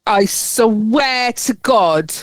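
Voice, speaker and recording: A woman co-hosting a podcast in casual chat, animated and swearing freely. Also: a little high, extremely slow, dry recording. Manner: chatty, animated, swears freely and laughs often. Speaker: podcast co-host.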